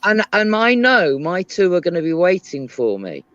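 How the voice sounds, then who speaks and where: A British woman chatting casually on a live stream, telling animated stories. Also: lowish voice, moderate pace, dry recording. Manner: animated storyteller, lively voice. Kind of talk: casual chat. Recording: dry, dull lo-fi stream audio.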